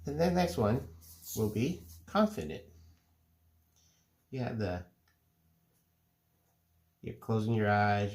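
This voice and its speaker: A middle-aged man calmly explaining, step by step, how to draw cartoon faces. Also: fairly low pitch. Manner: relaxed, unhurried step-by-step explaining. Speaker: drawing teacher. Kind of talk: casual drawing tutorial.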